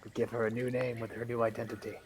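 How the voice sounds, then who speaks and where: Man, tabletop player, playful, joking, mid pitch, faint noise. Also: completely flat delivery, very fast. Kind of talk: casual tabletop play.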